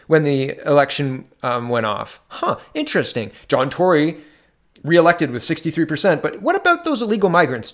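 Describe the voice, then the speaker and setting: Indignant ranting man, higher voice. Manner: indignant, sarcastic, fast-shifting emphasis. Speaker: political commentator. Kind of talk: ranting commentary reading articles.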